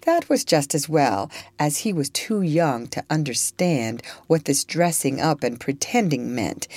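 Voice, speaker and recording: A woman reading a classic story aloud in an expressive storybook style. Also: sits low, no echo. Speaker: narrator.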